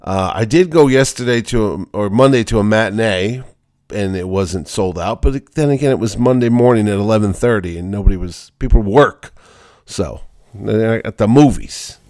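A man's voice: lowish voice, darkish tone, dry recording, studio quality. A man hosting a casual podcast, chatting about a movie he saw. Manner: chatty, talks quickly with restarts. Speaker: podcast host, convention organizer.

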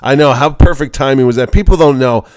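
A man's voice: mid-range voice, darkish tone, dry recording, clean studio sound. A man hosting a casual podcast, chatting about a movie he saw. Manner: chatty, talks quickly with restarts. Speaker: podcast host, convention organizer.

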